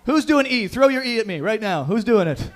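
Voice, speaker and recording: A man with a high voice hosts a stand-up show in a bar. He works the crowd with crude, bantering jokes over a handheld stage mic. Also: animated, fairly quick. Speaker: stand-up host. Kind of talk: live stand-up with crowd work.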